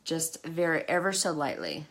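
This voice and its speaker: Casting: woman host on a makeup livestream, lowish voice with a lively pitch, chatty and emotional, webcam sound. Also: moderate pace. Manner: chatty, emotional, self-deprecating, talks to viewers by name. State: tearful at times. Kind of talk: casual live makeup chat.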